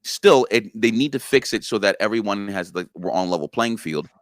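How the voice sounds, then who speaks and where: A man's voice: fairly low pitch, lively intonation, normal speed, dry recording, studio quality. A man guest on a casual interview chat, earnestly explaining things step by step. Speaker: guest content creator.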